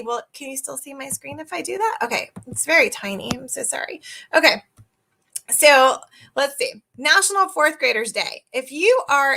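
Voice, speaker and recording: Animated woman coaching on a live call. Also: high-pitched, gravelly. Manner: animated, exclamatory, asks the audience questions. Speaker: sales coach. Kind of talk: live online training.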